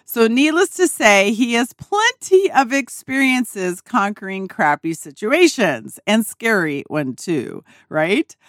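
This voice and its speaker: In her small RV dinette, the woman podcasting unhurriedly recounts something from her own life, sing-song and swinging widely in pitch while laughing and cursing casually. The sound is dry, close, and free of echo.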